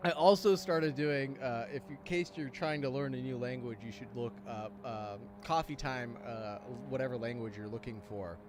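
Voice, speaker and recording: A man's voice: mid-range voice, moderate pace, few pauses, background noise. A man hosting a casual sim racing review, joking, swearing and laughing often. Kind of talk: casual chat, race commentary.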